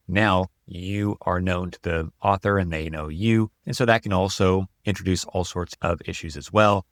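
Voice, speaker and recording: A man's voice: low voice, fairly bright tone, no echo. A man hosting an academic podcast, giving earnest advice in a tired voice that is almost gone. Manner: earnest, advisory. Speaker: podcast host and writing coach. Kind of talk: solo podcast talk.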